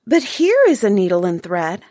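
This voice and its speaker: A woman's voice: medium pitch, sing-song, moderate pace, mellow, no echo, studio quality, close to an everyday voice. Small fairy-tale girl, kind and meek; a woman reads her. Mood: timid. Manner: meek, near tears. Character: timid kind little peasant girl.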